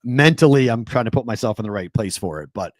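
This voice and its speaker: A man hosting a sports talk show, telling stories in an animated, excitable way, full of fillers and restarts. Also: medium pitch, fast talker, no room sound. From New England. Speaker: sports talk radio host. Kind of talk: casual sports talk storytelling.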